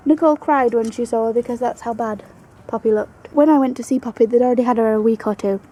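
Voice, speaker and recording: Talking fast in a slightly high, dark-toned voice, a young woman chats fondly to the camera from home about her pet rabbit, sometimes cooing at it. It's casual storytelling, and the recording quality is low.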